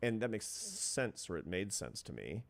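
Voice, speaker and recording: Deep-voiced middle-aged man telling his story. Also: very animated, normal speed, creaky. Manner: earnest, reflective, builds points step by step. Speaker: interview guest, social scientist. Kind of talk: reflective storytelling in an interview.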